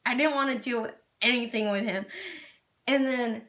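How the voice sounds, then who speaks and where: A woman's voice: on the high side, normal speed, a bit bright. A young woman talking to camera in an earnest, rambling personal vlog, laughing at herself and at times tearful. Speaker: vlogger.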